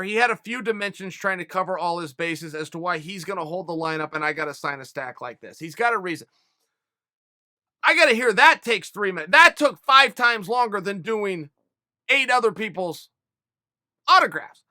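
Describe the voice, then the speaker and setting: A man hosting a fan question show, telling stories and giving his views in a casual, animated way. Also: sits high, no echo, clean studio sound. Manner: animated, conversational, retells scenes with quoted dialogue. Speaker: host answering fan questions. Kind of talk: casual storytelling and commentary.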